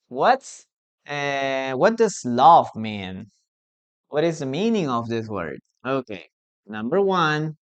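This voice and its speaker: Slow, clear-voiced teacher. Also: mid-range voice. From Peru. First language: Spanish. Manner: repetitive, drills pronunciation, asks the class questions. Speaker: English teacher. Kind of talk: live online English lesson.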